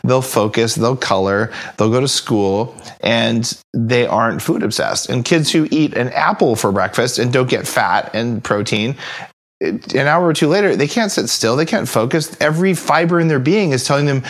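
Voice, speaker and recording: A man's voice: mid-range voice, normal speed. A man in his forties, a podcast guest telling stories in a casual interview and acting out the voices of the people in them. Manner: animated storyteller acting out quoted voices. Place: podcast studio.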